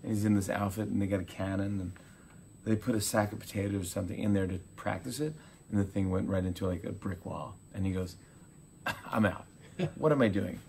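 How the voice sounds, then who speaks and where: Gravelly low-voiced man telling stories. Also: fast, a little hiss or hum. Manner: animated storyteller acting out quotes, laughing. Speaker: talk show host being interviewed. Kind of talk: casual interview chat.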